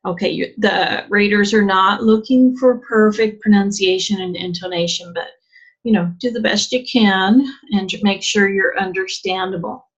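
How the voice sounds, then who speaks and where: A woman's voice: mid-range voice, moderate pace, slightly rough. Lo-fi woman teaching an exam lesson. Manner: chatty teaching, rhetorical questions, many fillers. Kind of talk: online lesson. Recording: dull lo-fi sound.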